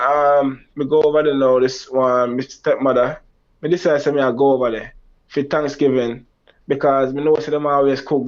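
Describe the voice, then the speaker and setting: A man with a Jamaican accent, telling a long personal story in a rambling way, acting out quoted lines. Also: mid-range voice. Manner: rambling, Jamaican Creole phrasing, acts out quoted lines in a raised voice. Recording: dull lo-fi sound.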